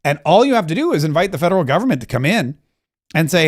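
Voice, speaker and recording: A man's voice: on the high side, sing-song, fast. A man hosting a political commentary show, talking casually and emphatically, rambling with frequent restarts.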